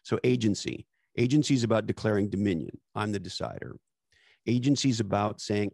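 A man's voice: lowish voice, very animated, fairly quick, gravelly, a little mellow, no room sound, clean studio sound. A man hosting a podcast conversation, talking emphatically and bluntly with casual swearing and catchphrases. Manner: emphatic, profane, uses catchphrases. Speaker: podcast host.

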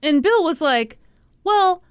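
A woman's voice: mid-range voice, normal speed, smooth, no echo. A woman podcast host telling a story with sarcastic humor and frequent laughter. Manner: sarcastic, animated, laughs often. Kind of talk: comedic storytelling.

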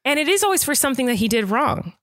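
A young adult woman co-hosting a podcast, talking at length in a chatty, animated way about parenting. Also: high voice, no room sound, clean studio sound. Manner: talkative, animated, quick asides. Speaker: podcast co-host. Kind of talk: casual chat.

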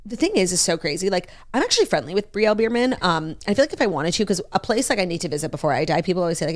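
A woman's voice: on the low side, big pitch swings, rapid-fire, few pauses. A woman co-hosting a podcast in casual chat, gushing and opinionated, swearing freely. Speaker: podcast co-host.

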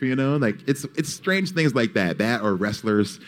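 A man in casual storytelling, acting out quoted lines and laughing often, with many fillers. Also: normal speed. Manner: animated, acts out quotes with big pitch jumps. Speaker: panel guest.

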